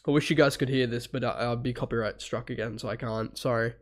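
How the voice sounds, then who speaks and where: A man's voice: medium pitch, steady tone, fast. Sniffly man with a cold, rambling live. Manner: rambling, laughing, swearing; hums parts aloud. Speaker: live-stream reactor. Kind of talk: casual live reaction commentary.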